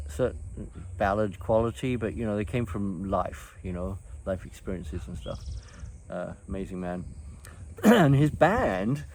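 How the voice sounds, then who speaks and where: An older man, a storyteller, reminisces about his past in a casual chat, his low, somewhat dark voice meandering along. He hesitates, restarts and leans on plenty of ums and uhs.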